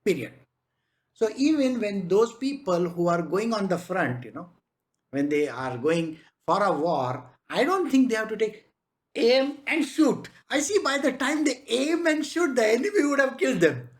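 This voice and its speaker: A woman's voice: a little high, very animated, moderate pace. A woman spiritual teacher giving a conversational spiritual discourse, chatting along with frequent rhetorical questions.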